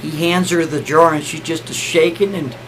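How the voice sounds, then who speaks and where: A man's voice: a little high, fairly even intonation, normal speed, noisy background. A man telling a story in a casual, rambling way, often repeating himself and checking in with the listener. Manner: rambling, repeats "I mean" and "right?", stumbles over words.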